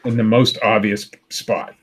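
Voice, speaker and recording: A man's voice: on the low side, level tone, a little slow, a little hiss or hum. A man in his forties co-hosting a casual podcast chat, arguing his point and laughing often. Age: 40s. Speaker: podcast co-host.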